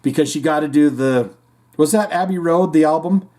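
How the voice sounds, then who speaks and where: Male podcast host, slightly high voice, rambling, jokey, casual chat. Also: moderate pace, dark tone. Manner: rambling, jokey, puts on silly voices for punchlines. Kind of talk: casual chat reading listener comments.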